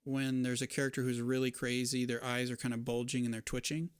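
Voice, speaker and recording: Smooth-voiced man running a tabletop game. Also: mid-range voice, brisk, no room sound, studio quality. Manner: relaxed, descriptive, with casual fillers. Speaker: game master.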